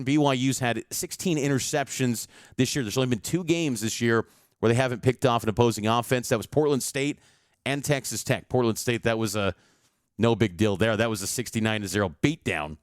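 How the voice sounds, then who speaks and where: Smooth-voiced male sports reporter. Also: mid-range voice, no echo, studio quality. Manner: stat-heavy, confident analysis. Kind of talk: game preview commentary.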